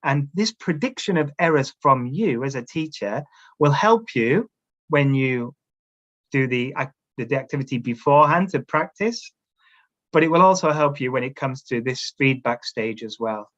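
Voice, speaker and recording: A man's voice: medium pitch, lively intonation, normal speed, a bit bright, highs cut off. A man leading a teacher-training webinar, giving instructions in a coaching tone and often checking in with his listeners. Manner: coaching tone, keeps checking in with "all right?". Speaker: teacher trainer presenting a workshop. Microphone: video call camera setup.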